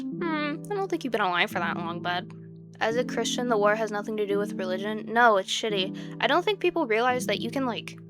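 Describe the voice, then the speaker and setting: A young woman with a slightly high voice rambles through her reactions, dropping into low mutters and then breaking into loud, exasperated outbursts. Clear guitar music plays under her voice the whole time. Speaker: video creator reacting to posts. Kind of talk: casual reaction commentary.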